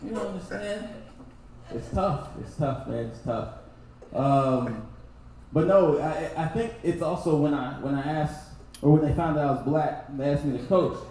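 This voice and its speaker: A man's voice: a little high, moderate pace. Laughing stand-up man from Texas, echoey room. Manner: loose, laughing, swings into loud impressions. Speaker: stand-up comedian. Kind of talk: stand-up comedy set. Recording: very echoey room, faint noise.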